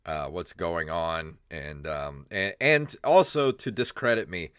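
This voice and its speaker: A man's voice: low-pitched, slow, a bit bright, clean tone, no room sound, studio quality. A man hosting a casual comedy podcast, rambling with fillers and laughing often. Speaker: podcast co-host.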